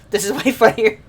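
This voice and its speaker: A woman streamer chats casually over gameplay, rambling with lots of filler words and laughing often.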